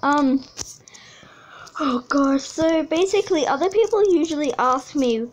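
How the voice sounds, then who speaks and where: A woman's voice: sits high, animated, unhurried, a little hiss or hum, rough recording. A teenage girl who makes animations, chatting casually and rambling while she draws, swearing a lot and losing her train of thought. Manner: profane, rambling, easily sidetracked. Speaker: animation channel creator.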